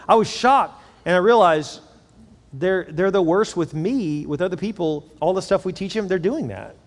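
A middle-aged male pastor delivering a sermon, telling animated stories and then dropping to a soft prayerful voice. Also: sits high, normal speed. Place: large church auditorium. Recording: long church hall reverb with faint music.

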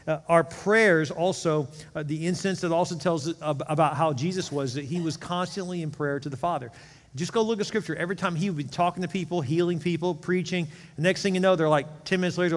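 A man preaching a sermon as pastor, animated, swinging between loud emphasis and hushed intensity. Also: a little high. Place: church sanctuary. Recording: reverberant hall.

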